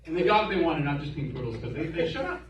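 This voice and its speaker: Animated man doing stand-up in a club. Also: on the high side, dull audio, heavy background noise. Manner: profane, animated storytelling with quick asides. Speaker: stand-up comedian. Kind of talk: stand-up comedy set. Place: comedy club stage. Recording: roomy club, distant mic, crowd laughter. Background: audience laughing.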